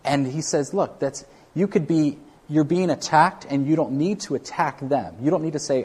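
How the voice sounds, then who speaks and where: A man's voice: on the high side, normal speed, a little mellow, slightly rough. A man preaching a sermon to a congregation, talking in a loose, conversational way with frequent restarts. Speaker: pastor.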